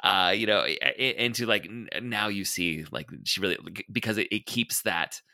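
Bright-voiced man, laughing podcast guest. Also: fairly low pitch, moderate pace, gravelly, no echo. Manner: enthusiastic, laughs often, trails off searching for words. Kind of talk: casual chat.

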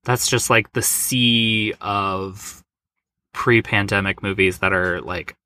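A man's voice: lowish voice, fairly even intonation, slow pace, pushed and bright. A man co-hosting a podcast, chatting loosely and joking with profanity while guessing movies in a quiz. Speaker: podcast co-host. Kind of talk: casual movie quiz chat.

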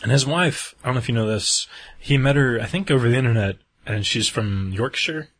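A man with a husky voice telling stories in casual chat, acting out quotes and laughing often. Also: medium pitch, a little fast, fairly bright tone.

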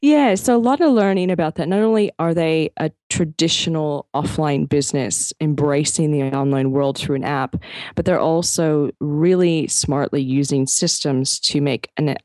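A woman with a notably deep, low voice co-hosts a podcast, chatting casually. She tells her story with lively energy, lots of "you know"s and "like"s, and the sound is close and dry. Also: moderate pace, dry recording. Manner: animated storyteller, fillers. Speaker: podcast co-host. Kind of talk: casual chat.

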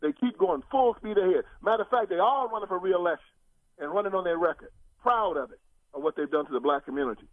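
An older man talking politics as a guest, preacherly and emphatic, his pitch rising in big sweeps as he presses each point. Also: quick pace, dry recording. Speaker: guest commentator. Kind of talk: political talk show conversation. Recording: tinny phone line.

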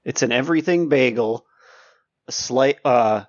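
A man's voice: mid-range voice, unhurried, muffled recording. A man co-hosting a podcast, teasing and contrarian. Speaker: podcast co-host. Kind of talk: casual chat.

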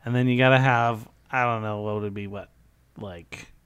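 A man's voice: fairly low pitch, steady tone, moderate pace, a bit bright, clear, resonant tone, no echo, dull audio. A man co-hosting a podcast, talking casually and hesitantly with many restarts. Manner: hesitant, restarts often, chuckling asides. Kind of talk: casual chat.

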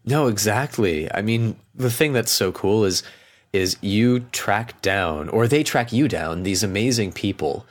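Easygoing man introducing a podcast. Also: lowish voice. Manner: easygoing, joking. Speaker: co-host introducing the show. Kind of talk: casual podcast intro chat.

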